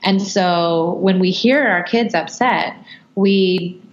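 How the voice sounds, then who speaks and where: A woman's voice: on the low side, slow pace, dull audio. A woman parenting coach as a podcast guest, explaining earnestly in casual chat.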